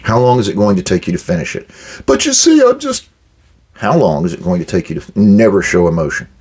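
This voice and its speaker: A man's voice: sits low, expressive, quick pace, darkish tone, slightly rough. An older man hosting a management advice talk, blunt and direct, acting out quoted exchanges with workers. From United States. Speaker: podcast host giving management advice.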